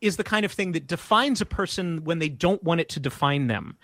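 A middle-aged man tells a long story in casual podcast chat. His voice is high and swings widely, and it has a bright, forceful edge. He talks in animated bursts with many restarts, recorded close and dry. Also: a little fast, no echo. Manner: animated, breathless, lots of restarts and self-quotes. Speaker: guest storyteller.

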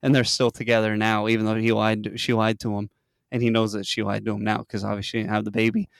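A man's voice: on the low side, fast, gravelly, smooth, dry recording. Podcast dude telling a story, swears nonstop, voice jumps up when he does quotes, dry sound. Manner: animated storyteller, swears a lot, acts out quotes in a raised voice. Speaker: podcast host. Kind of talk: casual chat, retelling a reality show.

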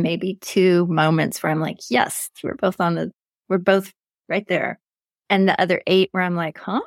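A woman's voice: on the low side, vocal fry, no room sound, studio quality. A woman hosting a conversation, affirming her guest and eagerly relating her own experiences in a casual way. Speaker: host.

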